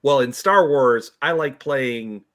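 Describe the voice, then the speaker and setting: A man's voice: medium pitch, takes it slowly, fairly bright tone. A man on a casual stream panel, easygoing and explaining his point through comparisons.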